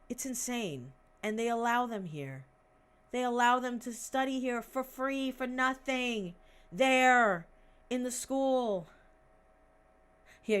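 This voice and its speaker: A woman in her twenties talks casually on a livestream in a medium-pitched voice. She rambles bluntly, swears, and tosses off sarcastic asides while searching for things out loud.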